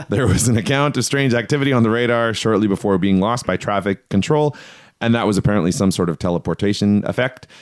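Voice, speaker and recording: A man with a low, smooth and resonant voice hosts a casual podcast. He reads from his notes in a quick, offhand way and laughs at his own stumbles. The sound is close and dry. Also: no echo. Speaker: podcast host. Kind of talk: casual conspiracy podcast chat.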